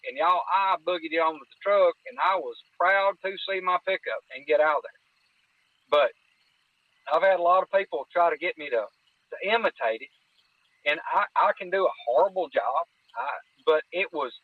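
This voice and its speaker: A man's voice: sits high, dry recording. Folksy man telling his story. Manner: folksy, drawn-out storytelling with frequent restarts. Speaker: podcast guest. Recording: tinny phone-like line, dry.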